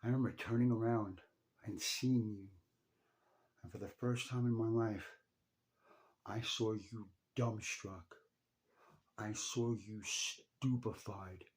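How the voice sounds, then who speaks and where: A man speaking straight to his father in an emotional personal story, intense and profane, halting and repeating himself. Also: on the low side, fairly even intonation. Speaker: son telling a personal story. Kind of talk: emotional first-person address.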